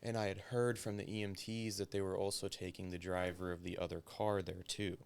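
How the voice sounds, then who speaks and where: A man's voice: low voice, level tone, a little fast, vocal fry, clear, resonant tone. A man, a former police officer, recounting a story in a casual interview, swearing often and filling his speech with "like". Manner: profane, filler-heavy storytelling.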